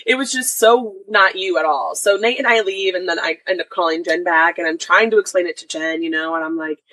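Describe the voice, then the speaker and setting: A woman's voice: on the low side, brisk, no room sound, rough recording. A young adult woman co-hosting a podcast, telling a family story in casual chat and acting out what people said. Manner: animated retelling, acts out quoted voices. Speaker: podcast co-host, daughter.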